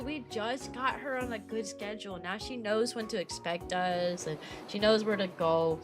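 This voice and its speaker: A woman's voice: medium pitch, moderate pace, hardly any pauses, faint music behind. A young woman, chatting casually on a stream in a bubbly, rambling, playful way.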